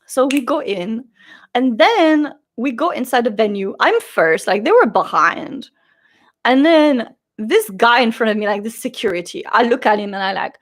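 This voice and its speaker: Animated young woman telling a story. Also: normal speed. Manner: animated, acts out quotes with big pitch jumps. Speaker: vlogger. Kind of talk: casual storytelling vlog.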